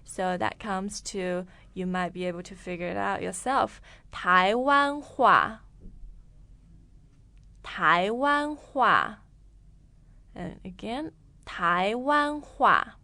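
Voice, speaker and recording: A woman co-hosting a language lesson, speaking phrases slowly and clearly for learners to repeat. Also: medium pitch, bright, forceful tone, no echo. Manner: clear, deliberate repetition. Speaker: native-speaker co-host. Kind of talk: slow model pronunciation for learners.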